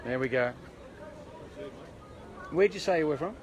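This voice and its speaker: A man's voice: a little high, animated, measured pace, crowd noise. An Australian man livestreaming from a street, talking casually and rambling to his viewers with jokey asides. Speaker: livestreamer at a protest. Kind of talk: casual live stream chat. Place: outdoors on an urban street. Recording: noisy outdoor street recording.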